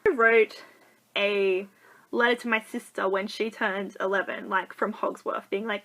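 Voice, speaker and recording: Bright-voiced young woman chatting to camera. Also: on the high side, expressive, normal speed, poor audio. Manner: chatty, full of likes, acts out quoted people. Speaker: vlogger. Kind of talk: casual advice vlog.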